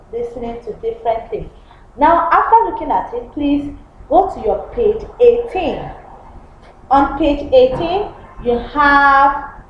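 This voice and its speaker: A woman teaching a basic science lesson to young children, slowly and with lots of repetition, asking questions and answering them herself. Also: high-pitched. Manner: imitates animal and clock sounds playfully. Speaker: primary school science teacher. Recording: very echoey room, muffled sound, faint background noise.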